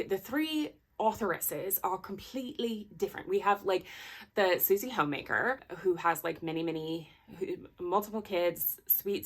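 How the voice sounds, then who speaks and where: A woman host chatting through a casual book review, rambling with lots of "like" and "you know" and apologizing for herself along the way. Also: lowish voice. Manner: self-deprecating and apologetic asides. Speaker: book vlogger.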